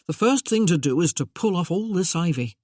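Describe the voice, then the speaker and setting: Give me a commanding aristocratic Duke with a very dry tone from an audiobook narrator, speaking slightly louder than the narration. He gives orders plainly and sharply, as though not to be questioned. The recording is close and dry. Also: mid-range voice, lively intonation, fairly quick, no room sound, natural voice.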